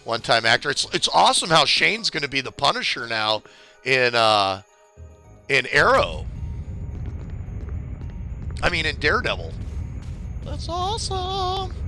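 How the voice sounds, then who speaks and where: A talkative man streams a game walkthrough, his gravelly voice bouncing up and down in pitch. He rambles to his viewers in a bright, forward tone with light music behind him. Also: huge pitch swings, a little slow, pauses often. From California, USA. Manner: chatty, rambling, greets viewers. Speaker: gameplay streamer. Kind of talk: casual live walkthrough commentary.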